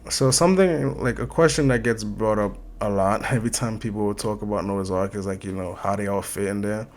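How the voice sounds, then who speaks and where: Male reaction host, low voice, rapid-fire incredulous questions, casual commentary.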